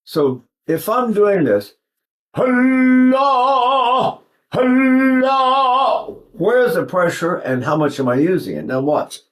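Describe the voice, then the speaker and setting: A man's voice: fairly high pitch, very animated, moderate pace, hardly any pauses. An older man, a voice teacher, giving a rambling lesson on vocal technique that he breaks up with short sung demonstrations.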